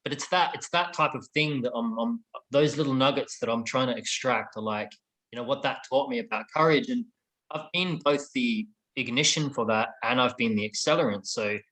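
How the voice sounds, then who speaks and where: A man's voice: medium pitch, moderate pace, fairly bright tone, poor audio. A man speaking as an interview guest, earnest and reflective, swearing casually while he tells a story. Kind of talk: candid storytelling conversation.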